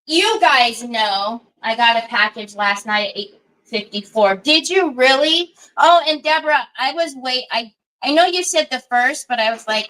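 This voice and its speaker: A middle-aged woman hosting a craft livestream, chatting in a rambling way while she works and talking softly to a small child beside her. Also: on the high side, expressive, moderate pace, low-quality recording. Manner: rambling, chatty storytelling with many asides; soothing baby talk to a small child. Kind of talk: casual chat while crafting.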